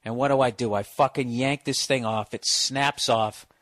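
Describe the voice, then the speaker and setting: A man's voice: mid-range voice, fairly even intonation, moderate pace, a bit bright. A man hosting a podcast, telling a comic story in a profane, exasperated rant. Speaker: podcast host. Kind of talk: comedic storytelling monologue.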